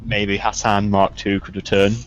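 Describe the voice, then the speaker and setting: A man's voice: fairly low pitch, completely flat delivery, moderate pace, poor audio. A man playing in a casual tabletop role-playing session, easygoing and jokey as he reads out his stats. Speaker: player. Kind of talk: casual tabletop game chat.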